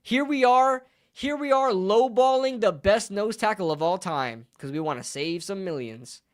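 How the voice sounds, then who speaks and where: A man's voice: high voice, moderate pace. A man streaming a live sports reaction, ranting in a heated, profane way and repeating lines for emphasis.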